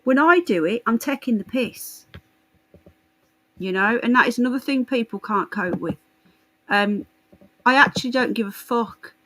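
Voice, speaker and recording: A woman's voice: a little high, lively intonation, normal speed, pauses often, sharp tone, poor audio. A woman hosting a live stream, chatting casually with viewers in a blunt, sarcastic and sweary way. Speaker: livestream host.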